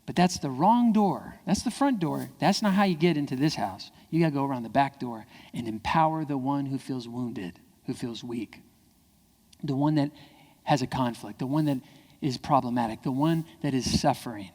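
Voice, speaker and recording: A man giving a lively keynote speech to parents, acting out quoted kids and parents in high voices. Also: normal speed. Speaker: keynote speaker. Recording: hall reverb.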